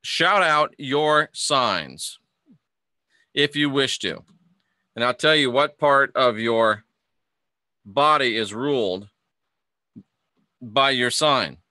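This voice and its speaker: Chatty man with a very bright voice. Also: medium pitch, animated, takes it slowly, long pauses, dry recording, clean studio sound. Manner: chatty, reads viewer comments aloud, stumbles and restarts. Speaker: livestream host teaching astrology. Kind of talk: casual livestream lesson reading chat.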